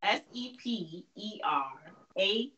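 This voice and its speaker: Woman contestant, casual chat, bright voice, distant from the mic. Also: mid-range voice, lively intonation, slow, dull audio. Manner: laughs a lot while playing along. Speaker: game contestant. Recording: heard from far off.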